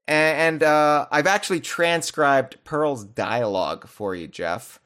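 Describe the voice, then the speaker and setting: A man's voice: fairly high pitch, slow pace, fairly bright tone, clean tone. A man hosting a podcast, chatting casually in rambling, joking runs with restarts. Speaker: podcast host. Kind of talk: casual chat.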